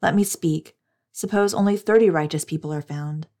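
A woman voicing an older man who humbly pleads and bargains with God, read in her own plain, lowish voice. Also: moderate pace, a little mellow. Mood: pleading.

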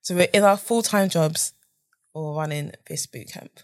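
A young adult woman from the UK, a podcast guest telling a lively story and acting out what people said. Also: moderate pace, no room sound. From United Kingdom. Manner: animated storyteller, acts out quotes with big pitch jumps and whispers. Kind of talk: casual storytelling interview.

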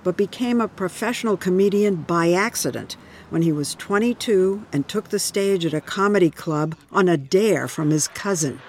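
A man narrating a news feature in a measured, scripted way. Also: high-pitched, a little hiss or hum. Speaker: correspondent, narrator.

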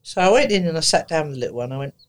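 A woman therapist, telling lively stories on a podcast, laughing and acting out the conversations she recounts. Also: deep voice, very fast. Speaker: therapist guest. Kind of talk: anecdotal storytelling on a podcast.

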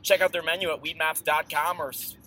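A man's voice: fairly high pitch, steady tone, a little fast, pushed and bright, faint music behind. A man reading a sponsor ad in a loose, offhand way from a car on the ride home. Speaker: podcast co-host reading an ad. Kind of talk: casual ad read.

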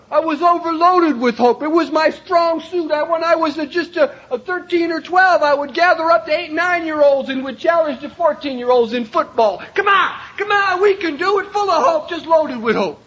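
An older man from Cleveland telling his own recovery story to a meeting, emphatic, swinging from shouts down to quiet lines. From Cleveland, Ohio, USA. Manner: emphatic, raises voice to a shout then drops low. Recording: dull lo-fi recording.

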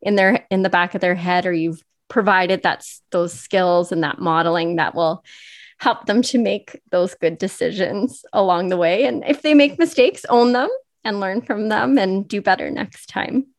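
A woman's voice: medium pitch, moderate pace, no echo. Woman in her 40s hosting a podcast, encouraging, laughs a lot, dry close mic. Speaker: podcast host. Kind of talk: casual podcast interview.

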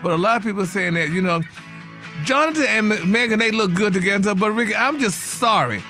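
A man's voice: high voice, brisk, music in the background. A man hosting a celebrity gossip segment in a flamboyant, sassy manner, calling everyone honey and y'all. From United States.

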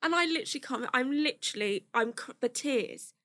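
A woman telling a comic story on a podcast, animated and often breaking into laughter. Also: high-pitched, brisk, dry recording, clean studio sound. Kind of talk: casual storytelling chat. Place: podcast studio.

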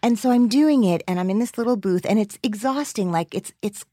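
A woman hosting a podcast, chatting casually with her guest and telling stories with quick jokey asides. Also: medium pitch, warm tone, dry recording, studio quality. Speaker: podcast host. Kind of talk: casual interview chat.

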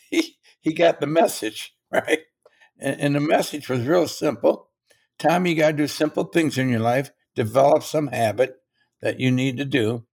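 A man's voice: medium pitch, vocal fry, a little mellow. An older man, a motivational speaker, telling a story in an interview and acting out the quotes.

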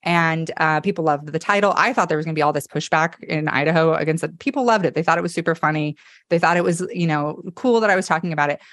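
A woman comedian, a podcast guest, telling stories in a candid, animated way and swearing freely. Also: sits low, fast, no echo. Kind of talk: casual podcast storytelling.

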